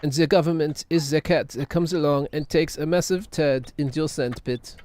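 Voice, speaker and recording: A man puts on a cynical, grumbling character who sneers at everyone around him. The voice sits a touch higher than a typical man's, and he speaks in blunt, scornful jabs. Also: steady tone, normal speed, darkish tone, lightly acted.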